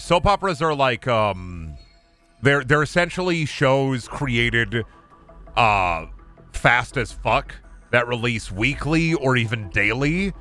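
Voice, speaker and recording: Bright-voiced, swearing male game streamer. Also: mid-range voice, slow pace, faint music behind. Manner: animated, profane, joking. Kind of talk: casual live-stream commentary.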